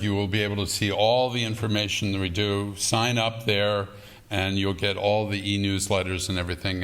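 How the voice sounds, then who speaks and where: A man making an announcement at a student assembly, halting with many fillers. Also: on the low side, a bit bright. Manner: halting, filler-heavy talk.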